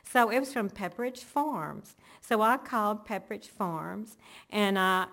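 A woman's voice: mid-range voice, a little slow, vocal fry, fairly bright tone. A woman telling an earnest, emotional personal faith testimony, linking events one after another. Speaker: church member giving testimony.

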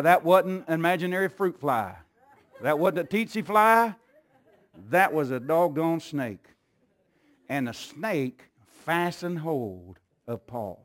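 A man preaching a sermon in a church, moving from calm storytelling to loud, fervent repeated calls to the congregation. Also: a little high. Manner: builds from calm storytelling to shouting fervor, repetitive calls.

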